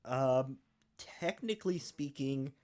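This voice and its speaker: A man co-hosting a podcast chat, speaking in a relaxed, deliberate way with lots of fillers. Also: medium pitch. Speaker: podcast co-host. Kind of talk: casual chat.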